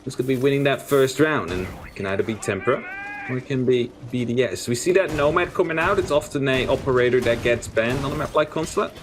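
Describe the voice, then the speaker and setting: A man's voice: medium pitch, noisy background. A man casting a live esports match, joking and poking fun at his own slips. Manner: joking, self-mocking, quick to laugh at his own slips. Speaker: esports caster. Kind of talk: live game commentary.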